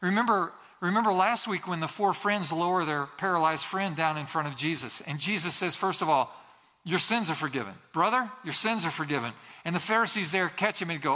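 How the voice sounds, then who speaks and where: A man's voice: on the high side, a little fast, pushed and bright. A man preaching a sermon as a pastor, earnest and repeating key phrases for emphasis, sometimes acting out quoted voices. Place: church sanctuary. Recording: long hall reverb.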